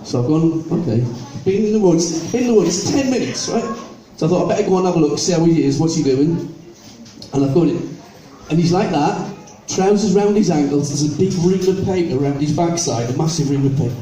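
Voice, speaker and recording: An older man performs stand-up, spinning chatty anecdotes and putting on the voices of the people in them. His voice sits high and mellow. He is heard from some way off in a roomy, echoing venue, with faint music underneath. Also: animated, a little fast. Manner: chatty storytelling, acting out other people in joke dialogue. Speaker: stand-up comedian. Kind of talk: stand-up comedy with audience banter and sing-along. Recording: echoey venue, mic heard from a distance.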